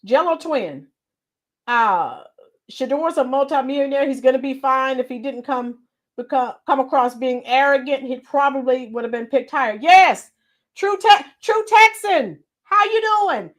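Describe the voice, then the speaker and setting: A high-pitched middle-aged woman hosts a casual live stream and talks straight to her chat. She calls viewers by name and says what she thinks in a blunt, opinionated way. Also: lively intonation, unhurried.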